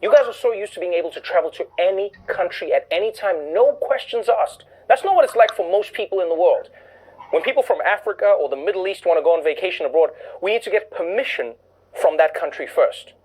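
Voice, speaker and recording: A man's voice: high voice, animated, a little fast, a little mellow, poor audio. A man hosting a comedy show, delivering scripted sarcastic commentary and acting out voices for punchlines.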